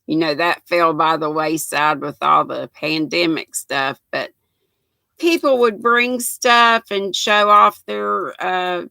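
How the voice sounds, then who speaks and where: On a crochet livestream, an older woman from North Carolina, speaking with that state's Southern accent, reads comments and greets viewers by name in a folksy way. Her lowish voice is gravelly and sharp, steady in tone and slow. The recording is dry.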